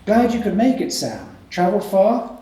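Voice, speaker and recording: A man voicing a courteous, brisk male college tutor, heard in an echoey room from a distance. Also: sits high, very animated, mellow, pitched above the performer's own voice. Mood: polite, brisk. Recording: echoey room, mic from afar.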